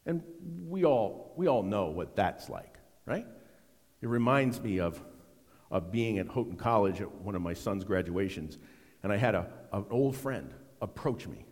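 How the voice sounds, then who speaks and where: A middle-aged man preaching a sermon, swinging between loud emphasis and hushed, almost whispered lines. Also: mid-range voice, long reverb tail. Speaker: pastor.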